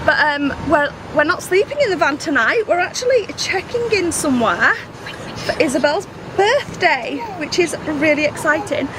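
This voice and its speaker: A woman's voice: high-pitched, animated, moderate pace. A woman telling a chatty, bubbly vlog story about her family trip, recorded outdoors at a truck stop. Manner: bubbly, laughing, retells with quoted voices. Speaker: family vlogger. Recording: vlog clip with outdoor traffic noise.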